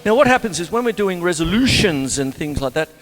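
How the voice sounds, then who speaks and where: A man's voice: high-pitched, sing-song, brisk, over loud music. A man hosting a casual drum lesson, who talks in a rambling, chatty, self-deprecating way. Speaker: drum teacher and show host. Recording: long hall reverb, faint drums.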